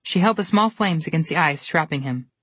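Low, husky woman narrating a storybook. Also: fairly quick, no echo. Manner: steady, expressive storytelling.

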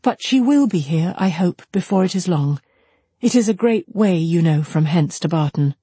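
A reader voicing a young woman who hides her fear and speaks in a steady, soothing way. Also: mid-range voice, moderate pace, husky, no echo.

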